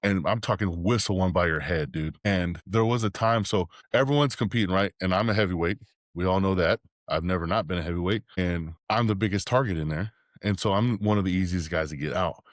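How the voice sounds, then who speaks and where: A man's voice: sits low, a little fast, no echo, studio quality. A man, a podcast guest from Texas, telling stories in casual, rambling chat and swearing freely.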